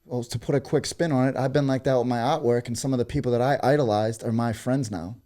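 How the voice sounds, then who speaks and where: A man's voice: medium pitch, steady tone, fast, dark tone. A man, a graffiti artist, talking in a casual podcast and speaking emphatically with conviction, swearing freely.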